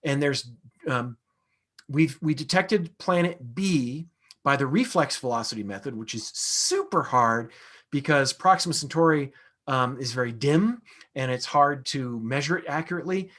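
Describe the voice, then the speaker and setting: A man's voice: medium pitch, animated, normal speed, a bit bright. A man, an astronomer, answering audience questions in a casual, conversational lecture with frequent fillers and restarts.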